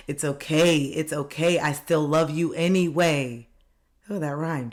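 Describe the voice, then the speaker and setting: A life coach giving a self-help video talk, earnest and reassuring, repeating gentle affirmations and speaking straight to viewers. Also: mid-range voice, unhurried. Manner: speaks directly to viewers, coaxing them to open up.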